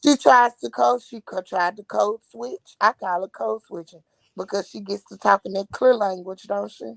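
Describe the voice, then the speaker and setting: Woman co-host, gravelly and a bit high, casual banter, dry sound. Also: moderate pace, dry recording, low-quality recording. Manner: animated, chiming in with agreement and asides. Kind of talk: casual chat.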